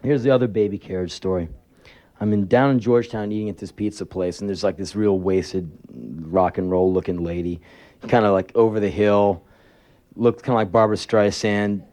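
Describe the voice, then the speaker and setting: A man's voice: fairly low pitch, fairly even intonation, moderate pace, mellow. A man telling sarcastic, profane anecdotes in a live spoken word performance.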